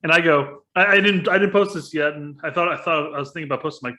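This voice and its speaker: Brief: man, fairly high, bright forceful tone, rambling co-host chatter. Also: fast, few pauses. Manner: rambling, chatty, laughs along. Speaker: podcast co-host. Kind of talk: casual chat.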